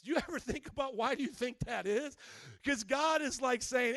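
A man in his thirties preaching a sermon, joking with the congregation and then slowing into soft, calm reading. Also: very high voice, dry recording, studio quality. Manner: animated, jokey preaching that drops to a slow soft voice. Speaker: pastor.

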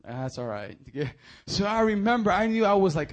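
A young male preacher with a voice that sits a little high. He tells stories with lively, swinging energy, then turns quiet and earnest when he makes his point. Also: normal speed, hardly any pauses. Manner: animated storytelling, swinging from hushed to loud. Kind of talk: sermon.

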